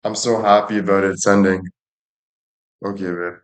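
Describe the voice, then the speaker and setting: A man's voice: low voice, little pitch movement, moderate pace. Joking, swearing streamer man, echoey room. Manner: joking, swears freely, thanks viewers by name. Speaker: livestreamer. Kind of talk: casual livestream chat.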